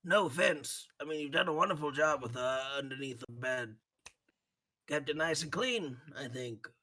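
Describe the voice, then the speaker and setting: A man voicing a small bird-man artificer who talks softly and kindly, with a self-deprecating edge. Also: on the high side, normal speed. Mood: wistful.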